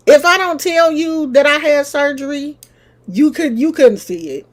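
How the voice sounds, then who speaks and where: A middle-aged woman with a lilt talks to her camera audience like an old friend, unhurried and easygoing. Her voice sits a little high, and she fills the story with asides to the viewers. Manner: chatty, animated, talks straight to viewers. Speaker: vlogger.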